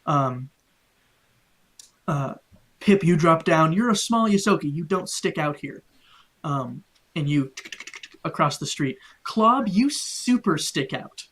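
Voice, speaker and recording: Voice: medium pitch, animated, takes it slowly, long pauses, fairly bright tone, husky. A game master narrating a tabletop game in a loose, rambling way, full of "like" and "um". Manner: loose, filler-heavy narration with lots of "like" and "um".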